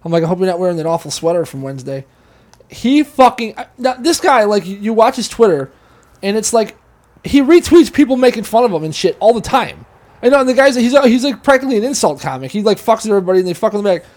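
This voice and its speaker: A man's voice: high-pitched, expressive, fast talker, darkish tone. A man hosting a podcast, telling a long, profane, rambling story in casual chat. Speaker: podcast host.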